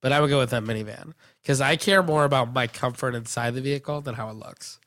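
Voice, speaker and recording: A man's voice: mid-range voice, fast, a bit bright, no echo. Guy cohosting a podcast, teasing and blunt, dry close sound. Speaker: podcast co-host. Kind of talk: casual chat.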